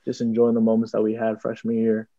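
A man's voice: lowish voice, completely flat delivery, fast talker, dark tone, no room sound. A young man, a college football player, answering interview questions casually, with lots of ums and restarts. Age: young adult. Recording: dull lo-fi audio.

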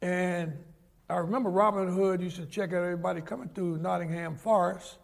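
An older New man with a high voice and a gravelly rasp, telling his life story in an interview. He is an animated storyteller who slips into the voices of the people in his stories. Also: fairly quick. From New York.

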